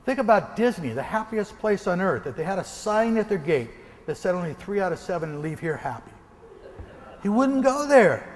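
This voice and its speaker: A motivational speaker from the American Northwest, a man, telling a lively story during a keynote and acting out gunshots. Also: high-pitched, fairly quick, long reverb tail, a little hiss or hum. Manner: animated, acts out gunshots and quoted voices. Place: large hall before an audience.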